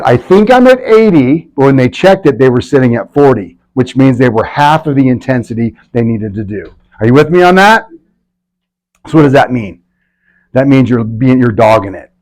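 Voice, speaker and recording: A man presenting a health workshop to a live audience, energetic and constantly checking in with the room. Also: medium pitch, rough recording.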